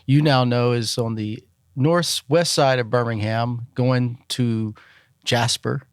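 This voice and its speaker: A middle-aged man, a musician guest telling relaxed stories in a casual interview, with many fillers. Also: medium pitch, takes it slowly, smooth, no room sound, studio quality. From Alabama, US.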